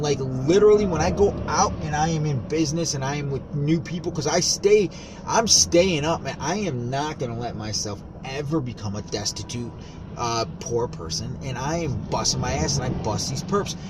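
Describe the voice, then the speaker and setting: Agitated swearing man filming outdoors. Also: medium pitch. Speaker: vlogger. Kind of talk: rambling outdoor vlog. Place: outdoors by a road. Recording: loud outdoor traffic noise. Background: traffic and street ambience.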